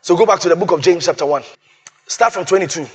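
A man's voice: sits high, fast talker. A man preaching a sermon, quoting scripture and repeating key phrases for emphasis.

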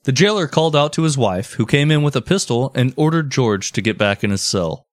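Dry-miked relaxed male storyteller. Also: mid-range voice, brisk, no room sound. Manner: relaxed storyteller, drifts into joking asides. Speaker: podcast host telling the story. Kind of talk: storytelling podcast chat.

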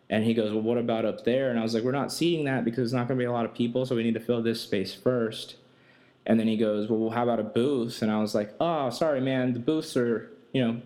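A young man hosting a podcast, telling a casual, profane and animated story about his life and work. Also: mid-range voice. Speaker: podcast host.

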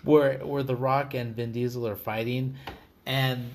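A man's voice: medium pitch, flat delivery, unhurried, a little mellow. A man co-hosting a casual podcast, ranting about a movie with profanity and mocking voices of the characters. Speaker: podcast co-host. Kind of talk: casual movie-rant chat.

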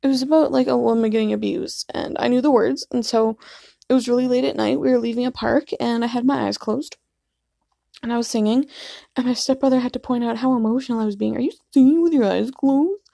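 In a casual vlog, a twenty-something woman rambles through self-deprecating stories for the camera, dropping plenty of fillers. She talks fast in a high-ish, gravelly, warm voice with fairly even intonation, recorded dry and studio clean.

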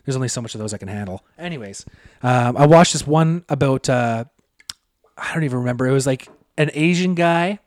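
A man's voice: medium pitch, fairly quick, dry recording. A young man co-hosting a podcast, talking in a rambling, profane, storytelling way with frequent laughter. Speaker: podcast co-host. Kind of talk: casual chat.

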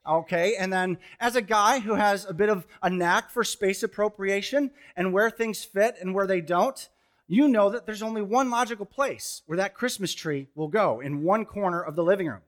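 Animated high-voiced pastor telling stories. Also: male voice, normal speed. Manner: animated, joking storyteller with sudden loud bursts. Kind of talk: sermon with storytelling. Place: church stage before a congregation.

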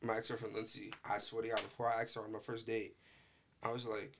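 A man's voice: on the low side, fast talker. Slangy New guy telling stories. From New York. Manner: animated, slangy, tells stories with acted quotes. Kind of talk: casual chat, storytelling.

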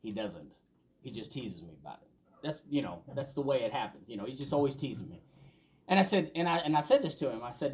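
A man's voice: medium pitch, very animated, fast talker. A man preaching a sermon as a pastor, talking conversationally and telling stories, building to emphatic peaks.

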